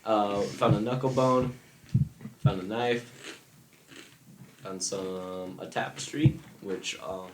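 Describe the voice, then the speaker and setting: A man recapping a tabletop game, hesitant and full of pauses. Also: on the low side, fairly even intonation. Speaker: player. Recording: echoey room with faint noise.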